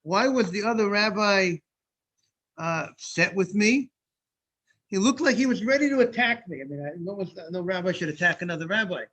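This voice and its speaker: Man, rabbi, Talmud lesson, high voice, repeats and restarts phrases, greets people joining. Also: expressive, normal speed, fairly bright tone. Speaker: rabbi teaching a Talmud class.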